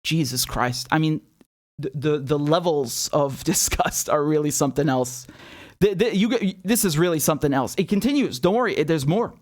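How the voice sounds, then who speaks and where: Man, high pitch, political commentator, sarcastic, outraged, swears. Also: moderate pace. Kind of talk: indignant video commentary.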